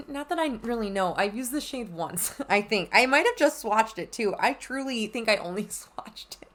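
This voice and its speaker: Young woman, beauty vlogger, chatty and gushing, fairly high pitch. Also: expressive, moderate pace, few pauses, fairly bright tone. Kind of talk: casual makeup vlog chat.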